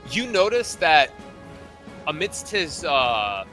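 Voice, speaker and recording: A man runs a tabletop adventure as game master, his voice bright and forceful. He sits slightly high for a man and rambles loosely, pausing on fillers as he describes the scene. Faint music plays underneath. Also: very animated.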